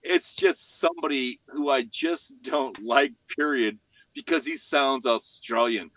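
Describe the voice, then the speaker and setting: A man on a casual live-stream panel who talks excitably and profanely, piling up oaths. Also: mid-range voice, measured pace, no room sound, poor audio.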